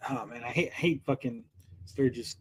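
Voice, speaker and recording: A man's voice: mid-range voice, moderate pace, husky. A male podcast host in casual livestream chat, profane and mocking as he rants.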